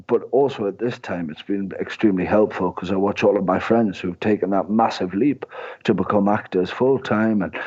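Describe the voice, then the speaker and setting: A man's voice: lowish voice, a little mellow, muffled recording. A man in his twenties with a Northeast English accent, a comedian guest chatting in a rambling, jokey, self-deprecating way. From Northeast England. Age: 20s. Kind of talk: casual interview chat.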